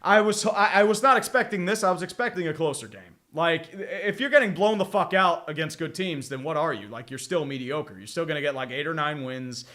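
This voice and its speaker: A man with a fairly high voice calls a game live on a stream, piling on sarcasm and curses as his team struggles. He drifts through filler words and repeated groans. His tone is bright and forceful. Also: brisk, hardly any pauses. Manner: exasperated, sarcastic, swears often. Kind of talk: live game watch-along commentary.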